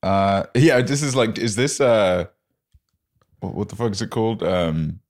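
A man's voice: lowish voice, a little slow, a little mellow. A man co-hosting a podcast in casual chat, swearing and rambling through his commentary.

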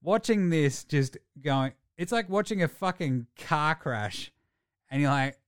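A man's voice: fairly high pitch, a little slow, no room sound, clean studio sound. A man in his thirties with an Australian accent, ranting and swearing in a casual sports chat. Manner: profane, ranting, animated. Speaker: podcast co-host.

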